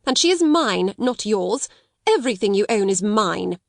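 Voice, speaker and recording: A woman narrator voicing a harsh, domineering middle-aged schoolmistress with a sharp, cold, scolding manner. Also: mid-range voice, very animated, moderate pace, gravelly, dry recording, clean studio sound. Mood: contemptuous.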